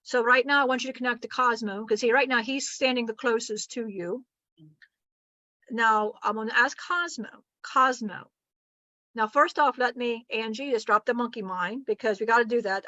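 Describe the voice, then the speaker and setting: Chatty woman, bright muffled voice. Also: a little high, normal speed, no echo. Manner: rambling, chatty, laughs often. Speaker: spiritual channeler and teacher. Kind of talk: casual spiritual teaching. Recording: muffled lo-fi recording.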